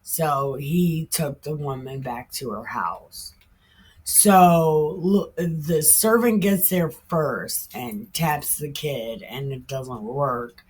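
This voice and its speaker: A woman's voice: sits low, takes it slowly, a little mellow, slightly rough. A woman retelling a Bible story in a casual, irreverent way, full of slang, cussing and laughing asides.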